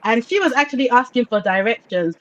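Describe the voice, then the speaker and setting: A woman from Nigeria with a somewhat high voice tells a story with emphatic, repeated phrases. She is talking in a casual group chat, and her audio comes through a dull, lo-fi call line. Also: brisk, slight background noise. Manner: animated storyteller, emphatic and repetitive.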